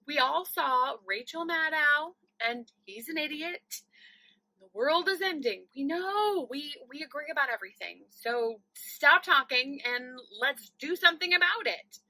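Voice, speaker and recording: A high-pitched woman with a bright, crisp tone, recorded dry and close. She performs an animated comic monologue, unhurried and slipping into Spanish. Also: no room sound, poor audio. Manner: animated, switching between English and Spanish. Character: frazzled adult woman teaching and on calls. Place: home, recorded for a virtual play festival.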